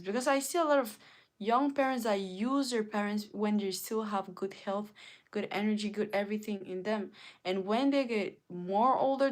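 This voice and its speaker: A woman from Africa talking earnestly and emotionally in a casual livestream monologue, telling stories and preaching her point. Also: mid-range voice. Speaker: livestream host.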